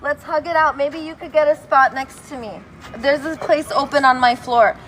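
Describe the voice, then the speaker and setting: A woman's voice: high voice, fairly even intonation, moderate pace, fairly bright tone, poor audio. A woman giving a rambling, playful monologue outdoors on a city street, now and then breaking into sing-song. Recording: street traffic noise behind. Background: passing cars.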